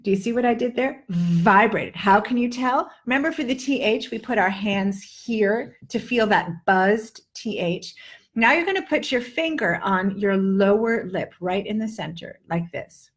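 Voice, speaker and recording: A woman's voice: mid-range voice, expressive, a little slow. Playful woman teaching pronunciation. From Netherlands-based. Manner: playful, joking, exaggerated drills. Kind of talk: live online lesson. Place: home, indoors.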